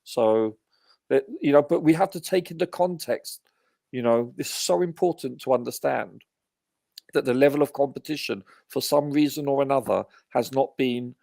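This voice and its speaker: A man's voice: mid-range voice, moderate pace, creaky, warm tone, no echo, studio quality. A man on a live football review panel giving earnest, emphatic opinions, often hedging with "you know". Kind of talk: casual live match review.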